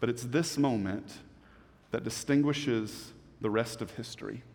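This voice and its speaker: A man preaching a sermon as a pastor, emphatic, swinging between loud stresses and hushed passages. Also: medium pitch, measured pace. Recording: long hall reverb.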